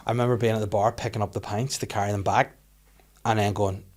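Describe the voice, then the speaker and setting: A young man hosting a podcast, telling rapid, animated stories full of laughter and sweary acted-out inner voices. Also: lowish voice. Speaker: podcast host. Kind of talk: casual chat, storytelling.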